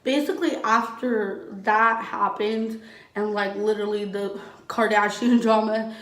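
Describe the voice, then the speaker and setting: This young woman vlogger speaks a little slowly with a steady tone in a mid-range voice. Her personal story comes out casual and blunt, peppered with "like" and curse words. The recording picks her up from afar in an echoey room.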